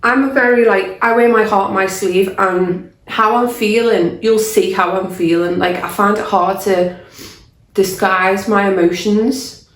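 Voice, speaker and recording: A woman's voice: mid-range voice, steady tone, unhurried. A woman, a life coach, talking candidly and earnestly to camera, often restarting her sentences as she thinks aloud. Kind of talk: casual talk to camera. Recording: roomy echo.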